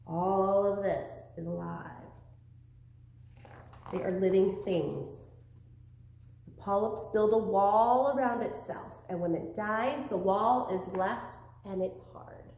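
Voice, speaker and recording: A woman teaching a lesson to young children, asking questions in a sing-song, animated way. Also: mid-range voice, takes it slowly, vocal fry. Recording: very echoey room.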